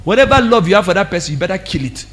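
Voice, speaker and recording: A man preaching a sermon as pastor, animated and acting out what people say. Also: high-pitched, rapid-fire. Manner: animated, acts out quoted speech.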